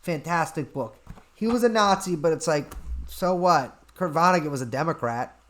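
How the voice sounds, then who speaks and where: A man hosting a casual livestream, reading out chat questions and answering them in an offhand, deadpan way at a desk mic. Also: a little high, moderate pace, slight background noise. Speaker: podcast host answering chat.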